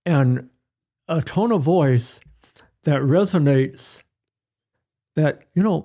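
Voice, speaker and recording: Slow-spoken older man, mellow tone. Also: on the high side, lively intonation. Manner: unhurried, storytelling, acts out examples. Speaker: pediatrician guest. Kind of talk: advice-giving interview chat.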